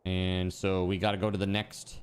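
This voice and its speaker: A man chatting casually with his live-stream viewers while playing a game, easygoing and quick to laugh. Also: sits low, monotone, smooth. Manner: chatty and easygoing, laughs often, talks to chat.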